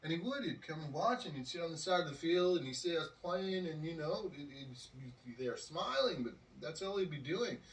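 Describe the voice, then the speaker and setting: Aussie guy yarning on a podcast, bit high voice, lots of ums, sounds roomy. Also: animated, moderate pace, few pauses. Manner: rambling, with many fillers and acted quotes. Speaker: podcast host. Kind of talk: casual storytelling. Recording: roomy, distant from the mic.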